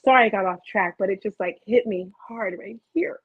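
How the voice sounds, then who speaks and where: Tinny, phone-like audio with no echo carries the husky, medium-pitched voice of a middle-aged motivational host. Speaking fairly quickly to her webcam at home, she gives a live, rambling talk, chatting away, drifting into tangents, and animatedly telling stories.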